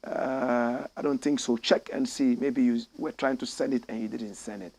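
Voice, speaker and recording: On his political commentary program, a middle-aged man with a Ghanaian English accent preaches with fire, his voice rising to shouts. The pitch is medium with fairly even intonation, the pace normal, and there's no echo.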